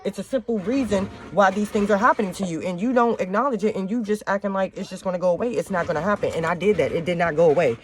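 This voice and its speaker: A young woman talks fast and straight into the camera at home, hosting her own show. She lectures her listeners in a blunt, preachy way, swearing freely as she goes. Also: mid-range voice, slight background noise. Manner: blunt, heavy cursing, preachy. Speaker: talk show host. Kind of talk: casual monologue to viewers. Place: home with children nearby.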